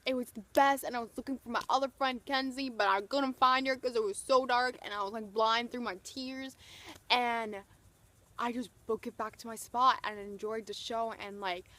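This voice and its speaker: A young woman vlogger gushing through an excited storytime, full of "like" and retold quotes. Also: fairly high pitch, moderate pace. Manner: gushing, breathless retelling full of "like".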